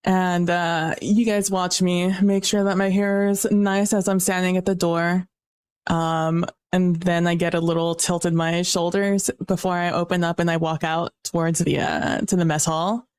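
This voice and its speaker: Smooth-voiced woman playing a tabletop game. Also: fairly low pitch, flat delivery, normal speed, a little mellow, no room sound. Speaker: player. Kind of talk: tabletop role-play, describing her character's actions.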